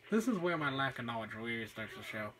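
A man's voice: medium pitch, big pitch swings, fast talker. A man giving let's play commentary, wry and self-deprecating, often exclaiming at the game. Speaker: gamer.

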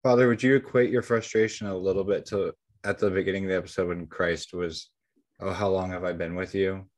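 A man's voice: low voice, fairly even intonation, fairly quick. A man co-hosting a podcast discussion, mostly chiming in with short agreements and remarks. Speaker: podcast co-host.

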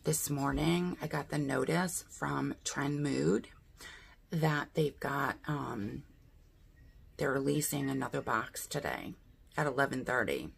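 A woman's voice: a bass voice, slow pace, gravelly, slightly rough. A woman chatting casually through a beauty box unboxing, thinking aloud and asking her viewers what she should do. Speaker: beauty vlogger.

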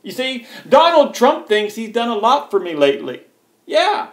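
A man's voice: very high-pitched, sing-song, moderate pace. An American man delivering a heated, profane political rant to camera, sarcastic and mocking. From United States. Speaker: political vlogger. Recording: echoey room.

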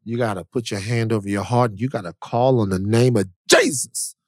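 A man's voice: on the low side, a little fast, no room sound. Male podcast co-host, emphatic and rhythmic, dry close mic. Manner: emphatic, preacher-like building cadence. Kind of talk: casual podcast chat.

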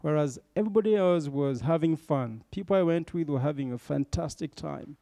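In a motivational talk for young leaders, a middle-aged bank executive tells stories and regularly checks in using tag questions. He speaks a little quickly in a warm, fairly high voice, with no audible room.

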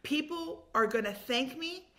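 A woman guest on a faith-based podcast, telling stories in an animated, effusive way. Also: high voice, a little slow. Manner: animated storyteller, effusive and enthusiastic. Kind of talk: casual chat.

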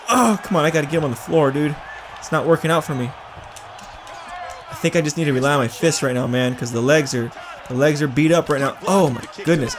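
A man playing a fight game, reacting excitedly, yelping, laughing and trash-talking his opponent. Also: fairly high pitch, a little fast. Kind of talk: excited let's-play reactions. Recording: game arena crowd noise behind. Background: video game crowd noise.

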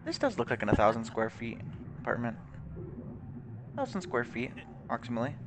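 A man's voice: medium pitch, big pitch swings, a little fast, background noise. Young guy doing chatty game commentary, voice jumps all over, swears a lot, pretty blunt. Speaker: gaming channel host. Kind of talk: casual gameplay commentary.

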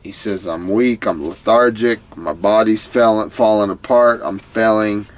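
A man's voice: lowish voice, fairly even intonation, measured pace. A man casually recapping a reality survival episode, retelling scenes and quoting the people in it. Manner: retells scenes, quoting participants, repeats "crazy". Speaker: YouTube reviewer.

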